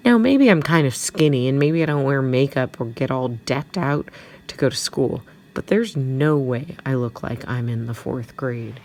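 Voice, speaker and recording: A woman's voice: very deep voice, expressive, normal speed, a little mellow. A woman reading a children's novel aloud chapter by chapter, as a teacher for her students. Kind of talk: storybook read-aloud.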